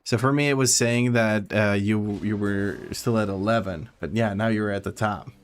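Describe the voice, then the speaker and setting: A man's voice: on the low side, steady tone, moderate pace, a little hiss or hum. A young man chatting casually while streaming a game, reading and answering chat with frequent laughter.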